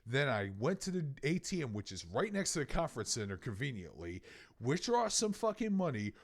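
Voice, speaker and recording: A man in his thirties from Louisiana, a podcast co-host telling an animated, profane story in casual chat. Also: mid-range voice, a little fast.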